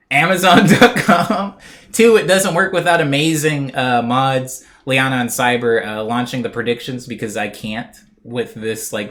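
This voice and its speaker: A man chatting casually on a live stream, relaxed and talkative, reading viewers' messages aloud and laughing now and then. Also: mid-range voice.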